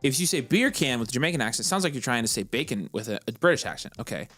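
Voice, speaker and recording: A man co-hosting a live fantasy football Q&A, excitable and joking, often incredulous. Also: medium pitch, rapid-fire, faint music behind. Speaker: podcast co-host.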